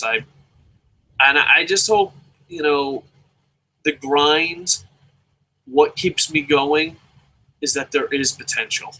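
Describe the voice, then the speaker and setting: A man giving a casual, profane, animated rant as a wrestling commentator. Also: on the high side, takes it slowly, pauses often, rough recording.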